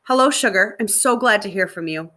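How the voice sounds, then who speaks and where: A woman's voice: mid-range voice, lively intonation, brisk, pushed and bright. A woman reading the part of a kind, encouraging male middle school teacher in a storybook.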